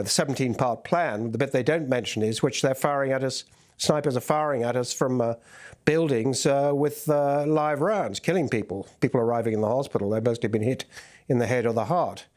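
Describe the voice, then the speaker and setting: A foreign correspondent giving a news interview, explaining events in a measured way with frequent fillers and restarts. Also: male voice, medium pitch, darkish tone. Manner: reporting in a measured way with many fillers.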